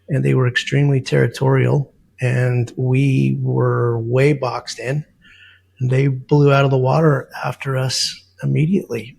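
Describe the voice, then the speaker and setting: A man with a rough, gravelly edge to his voice and a slightly husky tone talks casually as a podcast guest. He is a safari guide telling rambling field anecdotes, loose and unhurried, filled with little fillers and restarts. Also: mid-range voice, darkish tone. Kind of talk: casual storytelling.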